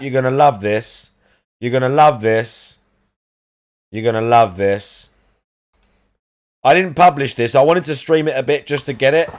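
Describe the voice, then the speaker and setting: A man hosting a livestream, talking in a crude, mocking, rapid-fire way. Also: medium pitch. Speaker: livestream host. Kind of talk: casual livestream commentary.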